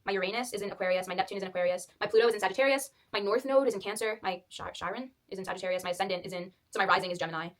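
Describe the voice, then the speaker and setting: A woman in her twenties talks casually to her viewers, rambling and filling gaps with "like." Her voice sits at a middle pitch. The room around her rings with echo. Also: very fast, hardly any pauses, slight background noise. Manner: chatty, rambling, lots of "like". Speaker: vlogger. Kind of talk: casual Q&A chat. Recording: echoey room.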